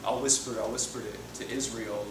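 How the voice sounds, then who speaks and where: Joking preacher in an echoey hall. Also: male voice, medium pitch, fairly even intonation, a little fast. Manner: playful, jokey, laughs often. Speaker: youth pastor. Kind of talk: sermon. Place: church hall. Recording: echoey hall from far off, noisy.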